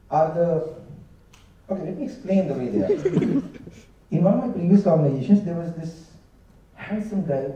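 A man's voice: fairly high pitch, lo-fi sound, very noisy. A young man doing a stand-up comedy set, chatty and storytelling, acting out bits of dialogue. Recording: echoey hall, mic at a distance, audience laughing.

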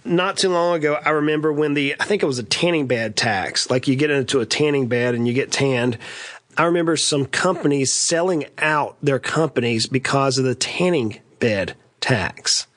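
A man's voice: mid-range voice, normal speed, fairly bright tone. A middle-aged man from East Tennessee, hosting a conversational business lesson with folksy, joking asides. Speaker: podcast host and financial advisor.

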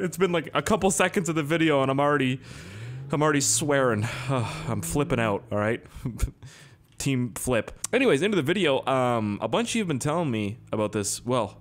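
Young dude doing car game commentary, super swingy voice going high and low, rambly and sweary. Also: male voice, fairly quick, slight background noise. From Canada. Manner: excitable and rambling, swears often, jumps between high yelps and low mutters. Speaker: gaming video host. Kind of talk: casual gameplay commentary.

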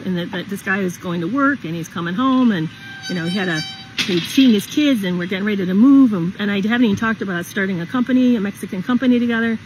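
A middle-aged woman narrating a personal story in an earnest, halting way, often restarting and repeating herself. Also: medium pitch, slight background noise, low-quality recording.

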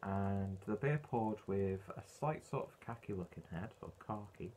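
Chatty lower-voiced beer vlogger. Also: male voice, lively intonation, measured pace, warm tone, a little hiss or hum. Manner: chatty, rambling, frequent ums and uhs. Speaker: beer reviewer. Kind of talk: casual beer review vlog.

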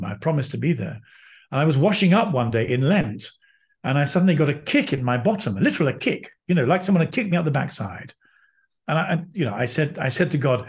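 Priest guest, man, higher register; earnest, vivid storyteller. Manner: earnest, lively anecdotes with acted-out quotes. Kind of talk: personal storytelling in conversation.

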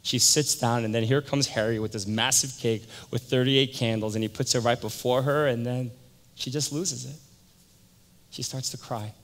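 A man's voice: medium pitch, steady tone, moderate pace. Male pastor telling a story in a sermon, big church echo, mid voice. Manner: storytelling, acts out voices, swings from loud to hushed. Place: church sanctuary. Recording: echoey church hall.

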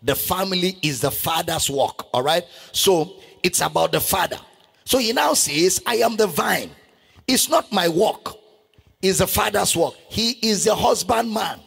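A man preaching a sermon as pastor, shouting and half-singing scripture verses with great passion. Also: high voice, lively intonation, measured pace, vocal fry, slightly rough. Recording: long hall reverb with faint music.

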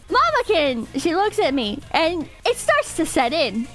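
A young woman streamer telling a story to her chat, animated and swearing, with quick asides and laughs at herself. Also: extremely high pitch, over music.

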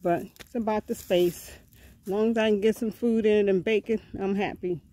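A woman's voice: medium pitch, steady tone, fairly quick, mellow. A woman, out of breath, chatting casually to her viewers as a vlogger outdoors and often calling them family. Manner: chatty, folksy, often repeats words and addresses viewers as family. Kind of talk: casual vlog talk to viewers. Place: outdoors on rural property.

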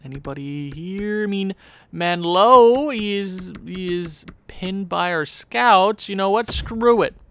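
A man giving casual commentary on a sports video game, animated, talking to himself and often jumping into a high, squeaky voice. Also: takes it slowly, clean tone, no room sound. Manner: animated, jumps into high squeaky voice when excited or pleading; talks to himself, muttering low. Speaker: gaming YouTuber.

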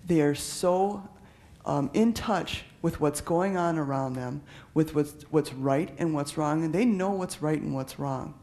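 Male police officer, gravelly, a bit high, earnest public talk. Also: a little slow, darkish tone. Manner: earnest, conversational, frequent restarts and fillers. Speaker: police officer speaking on trafficking.

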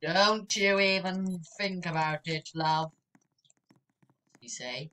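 A woman's voice: deep voice, fairly even intonation, slow, sharp tone, slight background noise. A young woman commentating her own gameplay, chatty and given to sudden screams. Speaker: gaming YouTuber.

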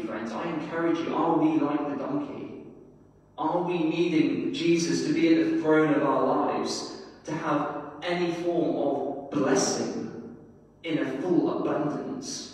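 Male preacher, earnest and fervent, medium pitch, heard from far off in a reverberant church hall. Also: steady tone, unhurried, darkish tone. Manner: earnest, fervent, addresses listeners as friends. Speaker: meeting leader, preacher. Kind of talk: sermon.

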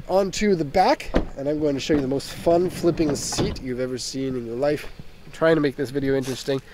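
A young man, a little hoarse from being sick, giving a casual walkaround review from inside a minivan, chatting with jokey tangents into a handheld camera. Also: mid-range voice, darkish tone, a little hiss or hum. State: slightly hoarse from a recent illness. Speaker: car import dealer and reviewer.

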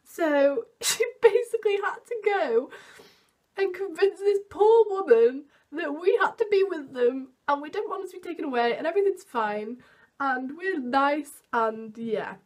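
A woman's voice: lively intonation, unhurried, darkish tone. A young woman telling a storytime to camera in a chatty, self-mocking way, full of "like" fillers and acted-out quotes. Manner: acts out quotes with big jumps in pitch. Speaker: vlogger.

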